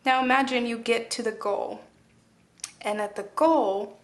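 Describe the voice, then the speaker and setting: A woman's voice: a little high, a little slow. Rambling woman giving a tarot reading. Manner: rambling, many fillers and restarts. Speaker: tarot reader. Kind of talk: casual spoken tarot reading.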